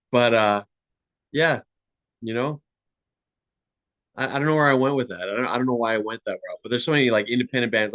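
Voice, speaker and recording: A man's voice: medium pitch, a bit bright, dry recording. A man chatting casually about music and art, rambling and full of "like" and "you know". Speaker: podcast guest, musician. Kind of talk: casual conversation.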